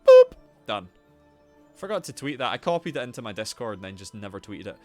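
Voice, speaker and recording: Lively man streaming with music. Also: on the low side, normal speed. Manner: animated, loud greetings to viewers; swears casually, rambles. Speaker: live streamer. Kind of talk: casual live-stream chat.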